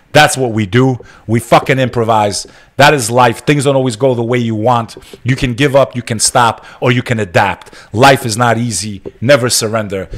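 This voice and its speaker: A man hosting a live stream monologue, switching between fiery, profane exhortation and somber, quiet reflection on loss. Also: medium pitch. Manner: subdued and somber when speaking of loss.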